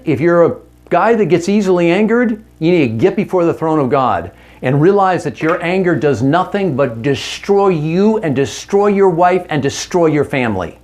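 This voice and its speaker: With a fairly high yet darkish voice, a man teaches other men about marriage, keeping it conversational and sincere. He regularly asks rhetorical questions and stops to correct himself partway through sentences.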